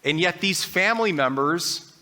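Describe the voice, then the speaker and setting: Bright-voiced earnest male preacher. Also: high voice, animated, normal speed. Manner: earnest and conversational, acting out inner doubts. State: briefly choked up. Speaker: pastor. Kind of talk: sermon.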